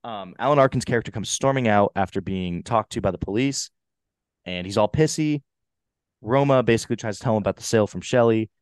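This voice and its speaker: A young man co-hosting a casual movie review podcast, animated and swearing freely as he acts out lines. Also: on the low side, brisk, smooth, no echo, studio quality. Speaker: podcast co-host. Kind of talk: casual chat.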